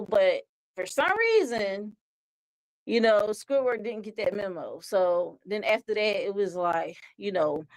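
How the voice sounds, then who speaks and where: A woman's voice: medium pitch, rough recording. Woman host just chatting and rambling on her show, super casual. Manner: rambling and conversational, full of "like" and "you know". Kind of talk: casual monologue on a web talk show.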